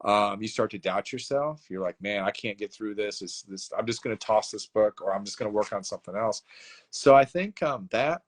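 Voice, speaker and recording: A man's voice: lowish voice, expressive, moderate pace. A man talking as a guest author in a casual interview, rambling and self-deprecating with many fillers.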